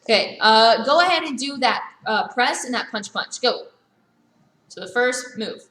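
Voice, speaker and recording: A woman with a bright, fairly high voice leads a virtual karate class. She calls out brisk commands and corrections. The sound rings around an echoey studio. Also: expressive. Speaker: karate instructor. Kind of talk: live virtual class instruction. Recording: echoey room.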